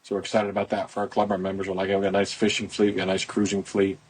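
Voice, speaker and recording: A man's voice: low voice, monotone, rapid-fire, a little hiss or hum. A middle-aged man hosting a casual podcast, talking outdoors into a phone in a rambling, folksy promotional way. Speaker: podcast host, boat club owner.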